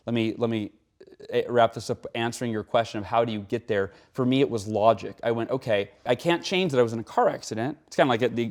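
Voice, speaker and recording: A middle-aged man, a keynote speaker, talking in an interview in an animated, emphatic way. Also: mid-range voice. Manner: animated, emphatic, frequent "right?". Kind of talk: conversational interview talk.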